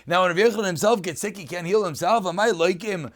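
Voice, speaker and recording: A man's voice: high voice, fast talker, fairly bright tone. A man teaching a daf yomi Talmud lesson. He reads Aramaic phrases and explains them in English.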